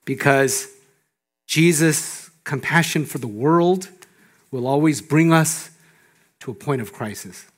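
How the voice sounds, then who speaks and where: A male pastor preaching a sermon, animated and laughing often, swinging from loud emphasis down to hushed, low lines. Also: takes it slowly, pauses often, husky. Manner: laughs often between phrases.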